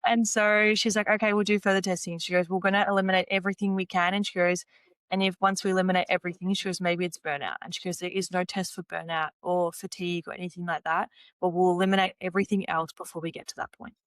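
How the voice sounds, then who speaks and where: Her voice is lowish and smooth, and she talks fast with no echo around her. This young former swimmer, guesting on a podcast, casually recounts her past by quoting herself and others, filling gaps with "like" and "you know."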